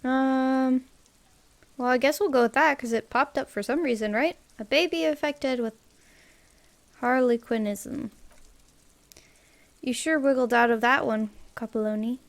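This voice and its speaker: A woman's voice: high-pitched, measured pace, pauses often. A young woman streaming a game, reading its text aloud and breaking off to react with squeals and laughter. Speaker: gameplay streamer.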